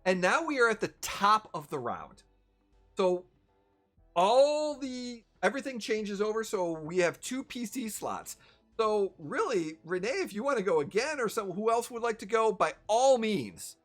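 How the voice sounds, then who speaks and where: GM type: animated pitch, chatty and full of fillers, faint music under the voice. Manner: chatty and halting, many fillers. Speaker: game master. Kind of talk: running a tabletop game over voice chat.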